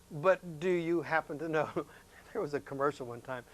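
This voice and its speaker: A man teaching a science lesson to students, talking in a folksy, chatty way, asking questions and jumping up in pitch to stress a point. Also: lively intonation, normal speed. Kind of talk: classroom lesson demonstration.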